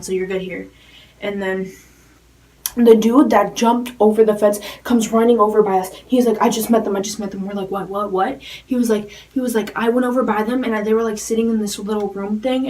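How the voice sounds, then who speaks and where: Teen girl vlogging, talks super fast n rambly, like like like, mic kinda far off. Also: medium pitch. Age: teens. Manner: rapid rambling with constant "like" fillers. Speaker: fan vlogger. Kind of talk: casual storytelling to camera.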